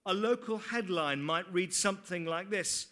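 A man's voice: high voice, normal speed, bright, forceful tone. A man preaching a sermon, earnest, with rhetorical questions and dry asides.

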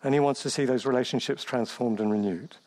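A man's voice: mid-range voice, quick pace, a little mellow. A man preaching a sermon, emphatic, building through lists and rhetorical questions.

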